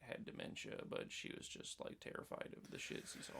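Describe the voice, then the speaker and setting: A man's voice: a little fast, pushed and bright. A man co-hosting a podcast, chatting casually about a horror film in a blunt, jokey way with casual swearing. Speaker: podcast co-host.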